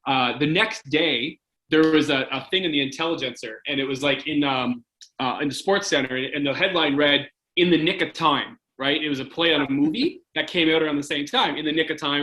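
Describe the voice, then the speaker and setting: Interview guest: man, 40s, from Canada, bright and rambling, fillers everywhere. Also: on the high side, low-quality recording. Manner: rambling, lots of "like" and "right?". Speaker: podcast guest, former hockey goalie. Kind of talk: casual interview storytelling.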